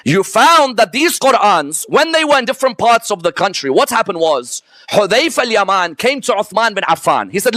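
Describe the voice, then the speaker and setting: A man with a notably high voice teaches religious history to a live audience. The sound is dry and close, with little room around it. He walks his listeners through points one at a time and keeps pulling them in with "yes?" and "correct or no?". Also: very animated, pushed and bright, dry recording. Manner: lists items one by one in a slow, emphatic way. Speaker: religious lecturer.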